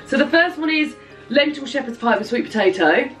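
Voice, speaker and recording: A woman's voice: high-pitched, lively intonation, a little fast, a bit bright, soft background music. A woman chatting casually at home in a book vlog. She rambles a little and says um often. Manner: chatty and rambling, with many ums. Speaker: book vlogger.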